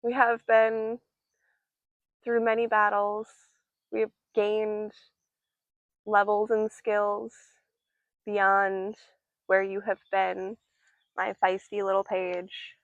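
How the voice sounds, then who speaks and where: A woman's voice: medium pitch, level tone, takes it slowly, pauses often, no room sound, lo-fi sound. A young woman giving a casual tarot reading, chatty and playful, with many fillers and giggles. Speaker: tarot reader.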